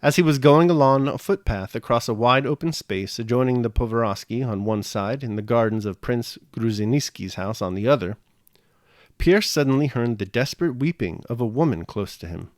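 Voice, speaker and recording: A man reading a classic novel aloud in a measured, even way. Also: mid-range voice, dry recording, clean studio sound. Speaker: audiobook reader.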